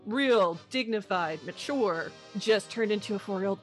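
A woman's voice: mid-range voice, moderate pace, soft background music. A woman, co-hosting a podcast in casual chat, self-mocking and acting out quoted voices. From Canada. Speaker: podcast co-host.

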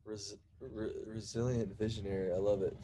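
Guy interviewing someone, kinda rambly questions, lots of likes, lowish voice. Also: steady tone, mellow. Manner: rambling, halting questions with many fillers. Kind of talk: casual interview.

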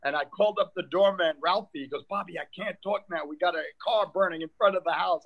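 An older man, a comedian telling stories in lively chat and acting out the people in them. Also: sits high, quick pace, hardly any pauses, highs cut off. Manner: animated, acts out people in funny voices. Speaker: comedian guest. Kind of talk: storytelling comic chat.

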